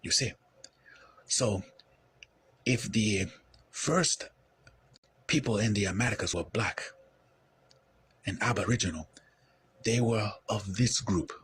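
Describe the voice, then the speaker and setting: Very husky, deep-voiced man from Ethiopia. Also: slow pace, pauses often, a bit bright. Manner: explanatory, repeats "you see". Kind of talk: lecture-style talk.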